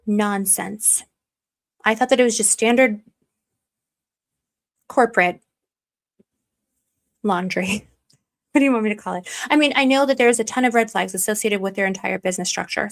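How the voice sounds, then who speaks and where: A woman giving heated casual livestream commentary, repeating rhetorical questions and reading viewers' chat aloud. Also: on the high side. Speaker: political commentary streamer.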